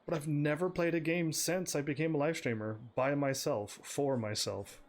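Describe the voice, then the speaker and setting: A man's voice: on the high side, steady tone, normal speed. A man live streaming a game, chatting with his viewers in a casual, stammering way, laughing often. His voice sounds slightly strained. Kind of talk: casual gameplay commentary.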